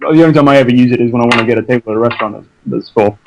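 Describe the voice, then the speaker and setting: A man's voice: mid-range voice, rapid-fire, creaky, noisy background. A man with an English accent, an actor chatting as an interview guest, self-deprecating and prone to restarts. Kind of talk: casual interview chat.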